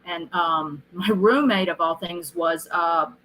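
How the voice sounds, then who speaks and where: Woman, middle-aged, interview guest, casual storytelling, animated, bright forceful tone. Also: fairly low pitch, slow, slight background noise, low-quality recording. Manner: animated storyteller who acts out quoted lines. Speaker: guest, film director.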